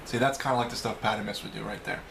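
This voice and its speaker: A man's voice: on the low side, steady tone, very fast, vocal fry, reverberant, background noise. A man with a New York accent answering a list of questions in a casual, rambling video blog, often correcting himself. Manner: rambling, self-correcting, chatty. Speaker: video blogger. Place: home room.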